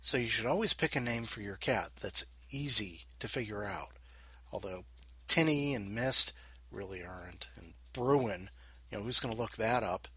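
A man hosting a podcast alone, rambling and poking fun at himself, with a bright, forceful tone and a slightly husky edge. His pitch swings up and down a lot as he chats. He mutters little asides to himself between thoughts. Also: animated, normal speed, no echo. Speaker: podcast host. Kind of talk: casual solo podcast chat.

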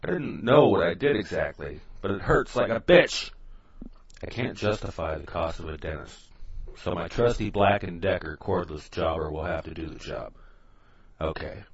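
A man telling a comic monologue sketch with a wry, deadpan delivery. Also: low-pitched. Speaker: podcast contributor. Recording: echoey, dull-sounding room recording.

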